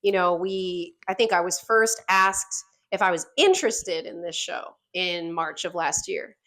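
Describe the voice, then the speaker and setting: A woman in her thirties, a guest on a podcast, telling a story in a lively casual way, laughing often and acting out quotes. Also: on the low side, unhurried.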